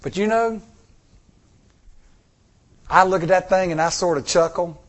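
A man preaching a sermon in an emphatic style, slowing down on key words and calling out to the congregation. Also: sits high. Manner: emphatic, slows down on key words, call-and-response. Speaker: pastor.

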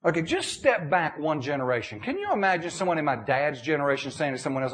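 A middle-aged man preaching a sermon in a folksy, animated way, checking in with his listeners and answering their questions. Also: a little high, fast. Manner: animated, folksy, many restarts and "okay?" checks.

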